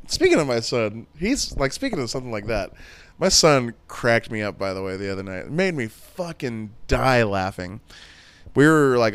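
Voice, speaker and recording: Man, 30s, podcast host, casual crude banter, resonant, animated pitch. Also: smooth. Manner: crude, joking, rambling. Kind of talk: casual solo podcast chat.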